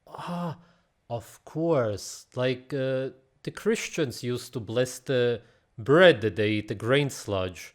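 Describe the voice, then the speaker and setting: A man's voice: medium pitch, slow pace. A man reacting to a video in casual, ranting commentary, blunt and mocking, swearing and often laughing in disbelief.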